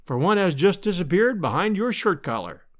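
A man voicing a dry, grim older male scientist in an audiobook, pitched lower than his narration. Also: very animated, moderate pace.

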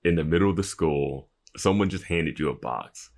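A man co-hosting a podcast, chatting casually about a show, animated and quick to jump in with laughs. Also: extremely low pitch. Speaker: podcast co-host.

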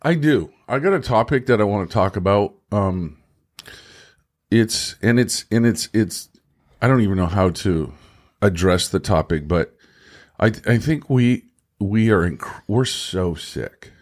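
A man co-hosting a faith podcast, talking slowly and haltingly, restarting his sentences as he works through his thoughts. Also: lowish voice, animated. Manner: halting, restarts often, thinking aloud. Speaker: podcast co-host. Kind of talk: casual faith discussion.

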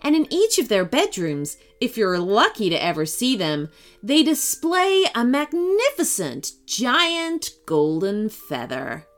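A woman narrating a children's story with an expressive, dramatic storybook delivery. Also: fairly high pitch, slow pace.

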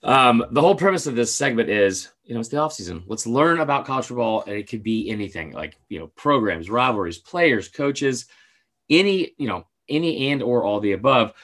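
A man's voice: medium pitch, expressive, fairly quick, fairly bright tone. A man co-hosting a casual podcast, telling a story in a rambling way, with lots of filler words and casual swearing. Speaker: podcast co-host.

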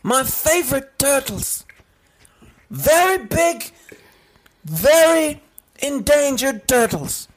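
A woman's voice: high-pitched, very animated, takes it slowly, long pauses, full character voice. Woman putting on a bragging fake Aussie bloke. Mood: boastful. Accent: mock Australian. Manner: exaggerated, boastful tall tales. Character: British man faking a clumsy Australian act.

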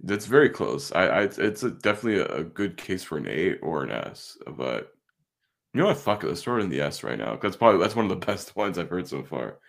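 A man with a low, gravelly voice co-hosts a casual podcast, talking loosely with plenty of swearing and filler words. His pitch swings widely as he reacts. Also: big pitch swings, fairly quick. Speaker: podcast co-host.

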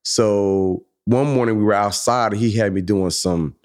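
A man's voice: on the low side, fairly even intonation, normal speed. A man hosting a podcast in casual chat, telling stories in a laid-back way with joking asides. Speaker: podcast host.

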